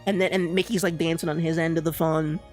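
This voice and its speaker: Rambling, excitable streamer chatting. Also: medium pitch, fast, faint music behind. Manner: rambling, stammering restarts, excitable. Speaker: live streamer. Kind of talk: casual stream chat.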